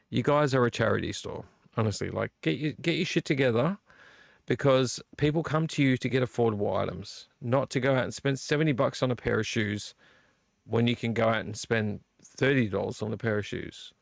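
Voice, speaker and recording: Ranting man with a gravelly voice. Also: medium pitch, fairly quick, no room sound. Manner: ranting, repetitive rhetorical questions. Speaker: vlog host. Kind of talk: live-stream rant about collecting. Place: home room.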